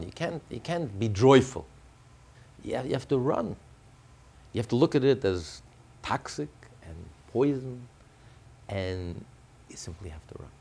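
A man's voice: mid-range voice, breathy edge. A man explaining a religious text in a class, emphatic, often repeating and restarting his phrases. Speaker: religious teacher.

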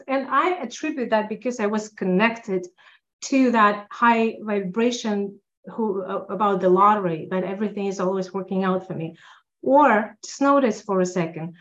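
A woman guest on a podcast, chatting enthusiastically and telling animated stories. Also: mid-range voice, muffled recording. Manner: enthusiastic, upbeat, animated storytelling. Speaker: podcast guest, tax accountant. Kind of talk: casual interview talk.

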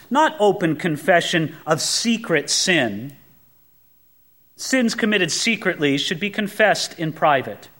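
A male pastor preaches an expository sermon in a high-sitting voice, animated and emphatic. He puts rhetorical questions to the congregation, swinging between forceful rises and hushed drops.

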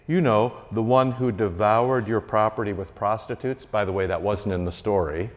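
A man giving a sermon as a pastor, animated and conversational, with wry asides. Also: on the low side, moderate pace, hardly any pauses. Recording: reverberant church hall.

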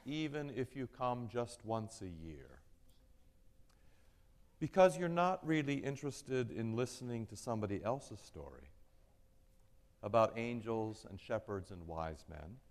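A man of mid-range pitch preaching a sermon at an unhurried, deliberate pace. His delivery is gentle and measured, and his phrases trail off softly. The sound carries the long reverb of a church hall. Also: animated. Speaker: pastor.

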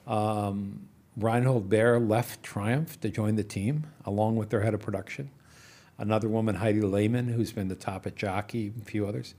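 A man guest in an interview, a business investor casually telling animated stories, chuckling and restarting his sentences as he goes. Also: on the low side, moderate pace.

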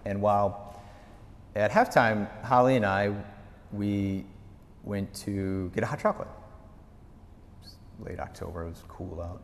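A man's voice: a little slow, long pauses, slight background noise. A male pastor teaching a Bible study in a conversational, storytelling way. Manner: conversational storytelling, lively pitch. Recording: echoey hall reverb.

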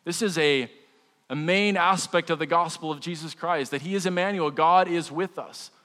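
A man's voice: on the high side, normal speed, pushed and bright. Man preaching in a reverberant hall. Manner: conversational preaching with humor and repeated restarts. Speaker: pastor. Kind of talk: sermon.

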